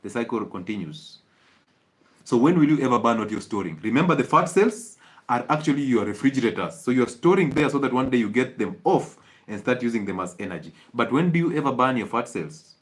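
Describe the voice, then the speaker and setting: A man's voice: mid-range voice, animated, a little fast. Emphatic Kenyan man lecturing on health. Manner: emphatic, rhetorical and repetitive. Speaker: health talk show doctor. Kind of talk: lively health talk.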